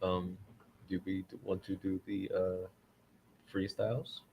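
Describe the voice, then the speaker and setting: A man's voice: low voice, little pitch movement, measured pace, slightly rough, highs cut off. A man co-hosting a podcast, sheepish and giggly in casual chat.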